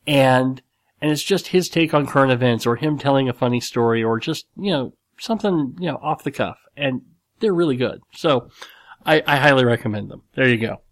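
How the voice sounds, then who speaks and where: A man's voice: medium pitch, fairly quick, no echo. Man rambling through a casual story. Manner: rambling, loose, with many restarts and asides. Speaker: podcast host.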